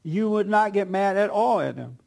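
A man's voice: sits high, expressive, moderate pace, creaky, a little mellow. A man preaching in a conversational way, leading a group discussion and taking questions. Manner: emphatic, laughs often, calls on people. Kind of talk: conversational sermon with audience questions.

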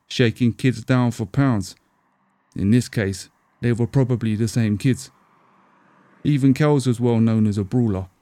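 Wry, deadpan storyteller man. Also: mid-range voice, no echo. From England. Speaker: storyteller and podcast host. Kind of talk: scripted storytelling narration.

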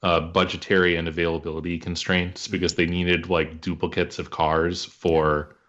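A man co-hosting a podcast, explaining things in a measured, casual way. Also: low-pitched, level tone, fairly bright tone, dull audio. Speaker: podcast co-host. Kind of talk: casual chat.

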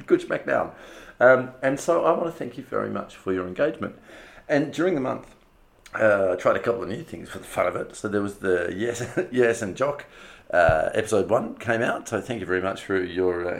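A man's voice: on the low side, vocal fry. A man hosting his own audio show, chatting loosely through a month in review, laughing often and swearing casually. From Australia. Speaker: podcast host.

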